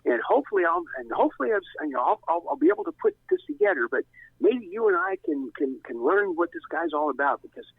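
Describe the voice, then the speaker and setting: A man imitating a fretful, earnest male Christian radio host in a high, wavering and unsure voice. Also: wildly swooping pitch, quick pace, gravelly, husky, dry recording, exaggerated voice. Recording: tinny phone line.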